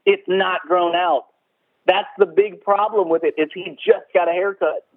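A man's voice: high-pitched, fairly even intonation, moderate pace, dry recording. A man hosting a podcast in casual chat, swearing freely, laughing often and acting out quotes. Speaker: podcast host. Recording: tinny phone-like sound.

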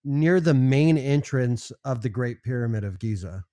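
A man's voice: mid-range voice, expressive, warm tone, no room sound, studio quality. A man co-hosting a casual podcast who runs through news headlines, stumbling on his words and using lots of fillers. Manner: halting, repeats words, many fillers like "um" and "like". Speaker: podcast co-host reading headlines.

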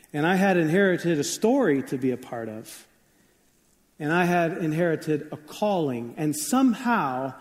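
A man in his forties giving a conversational sermon, telling stories in a relaxed way with fillers and asides. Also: a little high. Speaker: pastor. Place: church sanctuary. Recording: long hall reverb.

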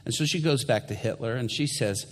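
A man's voice: mid-range voice, brisk, long reverb tail. A male pastor preaching a sermon, telling a story animatedly and acting out the people in it.

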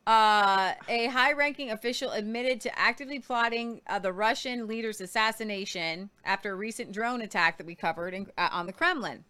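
A woman's voice: medium pitch, fairly quick, few pauses, sharp tone, smooth. A woman hosting a casual news show, earnest and a little preachy, stumbling over foreign names. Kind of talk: casual news commentary with faith talk.

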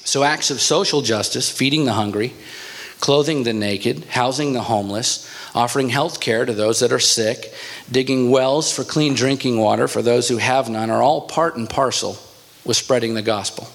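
A pastor delivers a sermon, telling a story with growing animation and speed as it builds. His voice sits in an ordinary middle pitch for a man. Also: normal speed, vocal fry, fairly bright tone.

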